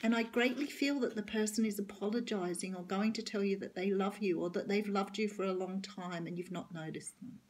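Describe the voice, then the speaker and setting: A middle-aged Australian woman with a husky voice, giving an earnest, reassuring tarot reading straight to the camera. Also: mid-range voice, steady tone, brisk, hardly any pauses. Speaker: tarot reader.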